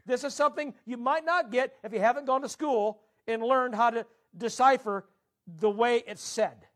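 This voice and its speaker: A man preaching a sermon, emphatic, drawing out scripture quotes slowly and swinging his pitch up and down. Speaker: pastor.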